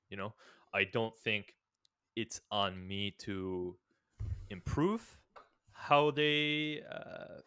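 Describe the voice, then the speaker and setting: A man co-hosting a podcast, telling stories hesitantly with many pauses and restarts. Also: lowish voice, bright, forceful tone, smooth, dry recording, clean studio sound. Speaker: podcast co-host, strength coach. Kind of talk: casual podcast chat.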